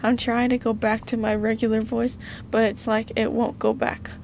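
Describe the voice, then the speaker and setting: A woman's voice: on the high side, flat delivery, moderate pace, vocal fry, darkish tone, a little hiss or hum. A woman with a Southern US accent chatting through a detective game as a gaming host, tired and with a worn voice, thinking aloud and using cutesy stand-ins for swears. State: tired, voice wearing out. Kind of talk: casual let's-play commentary.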